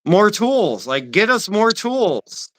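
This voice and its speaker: A man's voice: sits high, takes it slowly. A young man, a machine shop worker, ranting in casual chat about his job, swearing freely. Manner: ranting, profane, animated.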